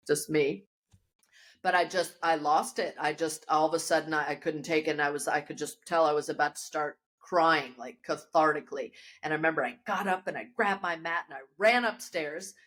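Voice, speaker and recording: A woman yoga teacher, a podcast guest, telling a personal story in a lively, animated way with frequent restarts, recorded in her studio. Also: fairly low pitch. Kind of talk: casual storytelling interview.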